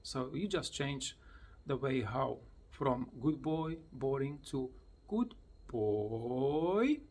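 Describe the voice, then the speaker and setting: A man casually explaining how he teaches his parrot to talk, in plain, slightly broken English, often repeating words in a high, sing-song voice, recorded at home beside the bird. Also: lively intonation, darkish tone. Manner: slow, plain explanations with simple non-native grammar. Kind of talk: casual tutorial vlog.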